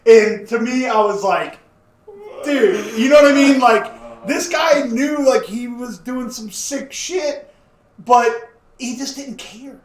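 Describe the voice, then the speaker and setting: A man co-hosting a podcast in a home basement, telling stories in an animated, profane way. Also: very high-pitched, slow pace. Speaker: podcast co-host. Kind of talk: casual podcast chat. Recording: roomy basement echo.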